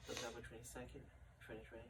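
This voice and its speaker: A man's voice: medium pitch, sing-song, racing, vocal fry, a bit bright. A man playing a patient, answering in one or two words. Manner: terse, answers in a word or two. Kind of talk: clinical role-play answers. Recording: distant mic with audible background noise.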